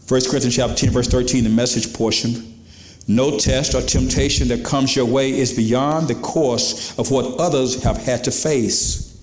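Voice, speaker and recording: A man preaching a sermon as pastor, animated, swinging from low emphatic lines to high exclamations. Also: normal speed, reverberant, faint music behind.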